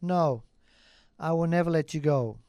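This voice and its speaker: Sex: man. Figure: a possessive, stubborn fairy-tale king in a storybook reading. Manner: slow, firm, clear. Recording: dry. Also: on the high side, warm tone, no room sound.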